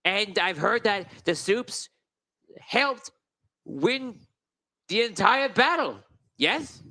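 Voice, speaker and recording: Brief: self-important gnome noble, high and slow, played by a man as game master. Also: expressive, sharp tone, exaggerated voice. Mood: pompous. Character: pompous gnome lord, suit designer.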